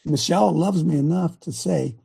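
An older man from Ohio preaching a folksy, blunt sermon, swinging between loud emphatic bursts and quiet asides. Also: fairly high pitch, moderate pace, vocal fry, husky.

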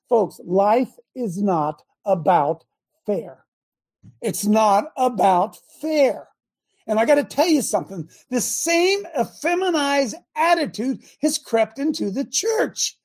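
An older man hosting a show, preaching a fiery rant that swings between yelling and low muttering. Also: animated, slow, breathy edge. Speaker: host and preacher.

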